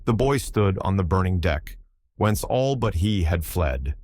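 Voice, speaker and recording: A man's voice: low voice, expressive, a little slow, darkish tone. A man reading an audiobook, voicing a wry, easygoing young tour guide with a dry, cheerful manner.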